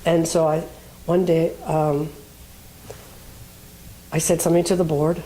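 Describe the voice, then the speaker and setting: Low, mellow-voiced woman minister. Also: little pitch movement, a little slow. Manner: conversational, acts out the people in her story. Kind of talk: sermon with personal storytelling.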